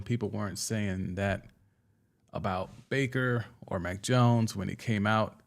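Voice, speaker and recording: A young man hosting a casual sports talk show, excitedly giving his takes and answering viewer comments, often restarting and stumbling over his words. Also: lowish voice, measured pace, creaky. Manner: excitable, with frequent restarts and stammers. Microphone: studio microphone.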